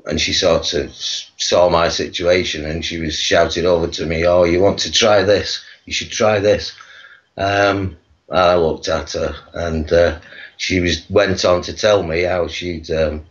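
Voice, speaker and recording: A man from England, a guest on a video call, telling his life story in a halting way full of pauses. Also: low-pitched, lo-fi sound. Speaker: guest, activist.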